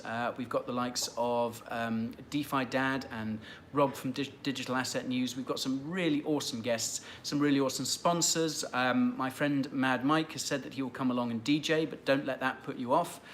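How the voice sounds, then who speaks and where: A man's voice: medium pitch, steady tone, normal speed, hardly any pauses, a bit bright, slight background noise. A man hosting a casual livestream, answering viewer questions in a rambling, chatty way and teasing regulars. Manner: chatty and rambling, with many fillers and restarts, light teasing of viewers. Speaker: livestream host.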